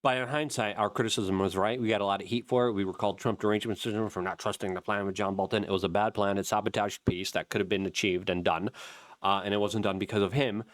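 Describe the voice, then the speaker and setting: A man's voice: on the low side, fast talker. A man hosting opinionated political commentary, emphatic and repeating points for stress. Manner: emphatic, animated, repetitive for emphasis.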